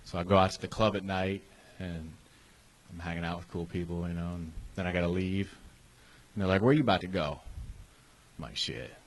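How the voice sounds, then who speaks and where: A young American man, a comedian guest, talking in a slow deadpan monotone in casual chat. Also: low-pitched. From United States.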